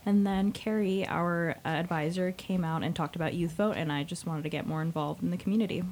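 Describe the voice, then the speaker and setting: A woman's voice: fairly low pitch, fairly even intonation, fairly quick, darkish tone, a little hiss or hum. A young woman from Alaska answering questions as a radio guest, earnest and hesitant, with many ums. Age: young adult. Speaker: youth group member, guest. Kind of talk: radio interview. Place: radio studio.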